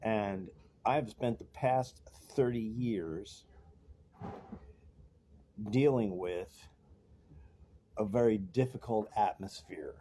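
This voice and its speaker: A man's voice: fairly low pitch, slow pace, long pauses, mellow, slight background noise. A man giving an informal, rambling sermon-style talk in a cafe and bookstore, full of asides and restarts. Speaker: street preacher.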